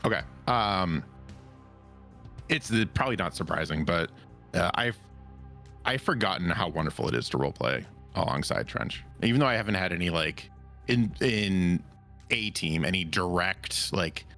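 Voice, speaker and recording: Very deep, gravelly man, earnest chat. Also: a bit bright. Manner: earnest, effusive, halting. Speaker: roleplay streamer. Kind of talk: casual group chat.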